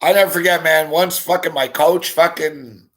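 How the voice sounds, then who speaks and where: A man's voice: on the high side, fairly even intonation, moderate pace, fairly bright tone. A young man from the Montreal area, the show's host, telling a rambling, profane story in casual talk and repeating himself often. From Montreal area, Canada. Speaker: show host.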